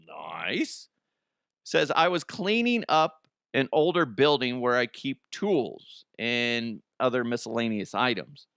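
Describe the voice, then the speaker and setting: A man hosts a comedy podcast, reading listener ghost stories at an unhurried pace. He riffs excitedly between them, laughing often and swearing freely. The sound is dry and close, with no room around it. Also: a little high, no room sound. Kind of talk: comic commentary on listener stories.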